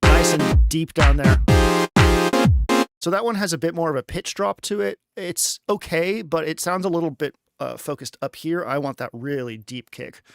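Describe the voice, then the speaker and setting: A man casually talking through a music production tutorial on a live stream, chatty and thinking out loud with lots of fillers. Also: on the high side, moderate pace, creaky, few pauses. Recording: music playing underneath.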